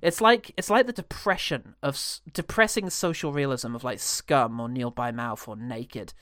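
Man, sardonic podcast film critic, mid pitch, very dry close sound. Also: a bit bright, no echo. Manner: sardonic, quick, swears freely. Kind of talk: casual film review chat.

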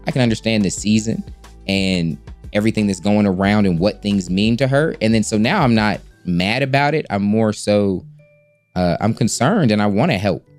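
A man's voice: on the low side, normal speed, darkish tone, soft background music. A man co-hosting a casual chat about his marriage, laid-back and plain-spoken. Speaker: podcast co-host.

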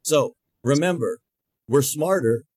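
A man's voice: on the high side, expressive, slow pace, a little mellow, husky, no echo, studio quality. An older man hosting a heated political talk show, blunt, mocking and defiant. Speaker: host.

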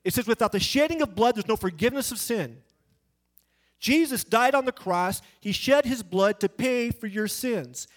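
High-voiced emphatic preacher man. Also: animated, normal speed. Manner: emphatic and conversational, acts out quoted voices in anecdotes. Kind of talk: evangelistic sermon.

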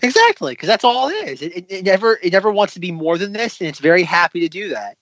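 A young man in his twenties chats casually as a co-host, talking with enthusiasm and often tripping over and repeating his words. His voice is a bit high and rises and falls a lot. The sound is dry and somewhat dull. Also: big pitch swings, quick pace, a bit bright, dry recording. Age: 20s. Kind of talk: casual chat.

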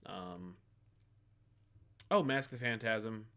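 A man's voice: lowish voice, slow pace. Laid-back guy cohosting a chat show, lots of ums and likes. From New Jersey. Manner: relaxed, chatty, lots of fillers. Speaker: co-host. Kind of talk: casual chat.

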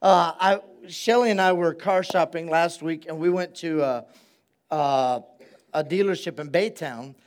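This man's voice is fairly high and a little slow as he preaches a sermon to his congregation. He stays relaxed and conversational, repeating phrases to stress them and prompting the church to call back.

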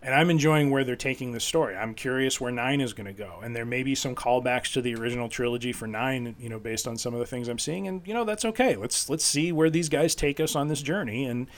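A man's voice: medium pitch, fast talker, hardly any pauses. A man co-hosting a podcast in casual chat, earnest and sometimes sarcastic, laughing easily. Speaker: podcast co-host.

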